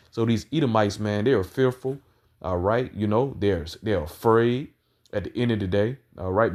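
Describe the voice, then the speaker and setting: A man with a low-pitched voice preaches an angry, combative sermon. He reads verses slowly and loudly, then breaks into fast, profane street talk. He tags nearly every line with "man" or "all right". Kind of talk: profane ranting sermon reading scripture.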